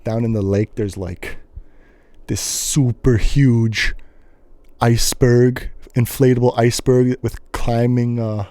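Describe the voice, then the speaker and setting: A young man hosting a solo podcast, telling a rambling story in an animated way with sudden loud yelps and bits of singing. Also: medium pitch, slow, no echo. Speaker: host.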